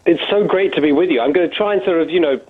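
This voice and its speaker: A man's voice: on the high side, very fast, breathy edge. A man with a British accent, a guest author being interviewed on radio, laying out his points in articulate lists. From Britain. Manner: articulate, listing points in runs. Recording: phone line.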